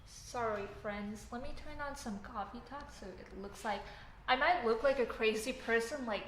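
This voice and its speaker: With a voice on the high side and a moderate pace, a Canadian woman hosts a relaxed livestream, building as she reads chat messages. Her talk rambles, with lots of fillers and self-corrections. The recording is echoey, with faint noise in the background.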